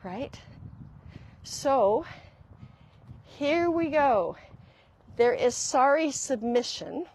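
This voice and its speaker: A woman's voice: high-pitched, animated, extremely slow, long pauses, darkish tone. A woman hosting a live talk as a relationship skills coach, speaking emphatically and repeating key phrases for weight.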